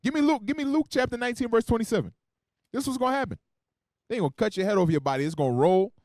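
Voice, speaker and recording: Quick-talking preacher guy, really lively, bit high, jokes around between verses, loud then quiet, dry sound. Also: no echo. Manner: animated and joking, shifts between loud emphasis and quiet asides. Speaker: preacher teaching a Bible class. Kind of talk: sermon with call-and-response scripture reading.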